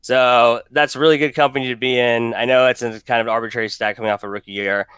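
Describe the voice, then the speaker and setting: Man, podcast co-host, casual joking talk, smooth voice, dry recording. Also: medium pitch, steady tone, a bit bright, no echo. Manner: quick, joking, rambling with restarts. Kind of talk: casual fantasy football chat.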